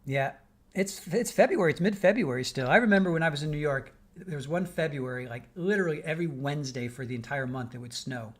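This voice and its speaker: An older man from the Midwest hosts a casual livestream, reading out viewer comments and chatting back. His voice sits a little high for a man, and his talk rambles with frequent restarts. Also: fast. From American Midwest. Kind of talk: casual chat while waiting for a trial.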